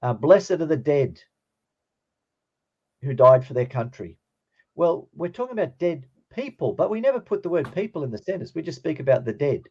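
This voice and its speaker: A man's voice: a little high, big pitch swings, moderate pace, mellow, slightly rough, dull audio. A man teaching a Greek grammar class, explaining patiently and checking in with his students.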